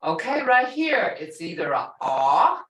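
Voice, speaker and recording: Slow, patient woman teaching pronunciation. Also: mid-range voice, very animated, fairly bright tone, reverberant, far from the mic. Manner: slow, patient, models words by drawing out tones. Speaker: language instructor. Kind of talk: online language class.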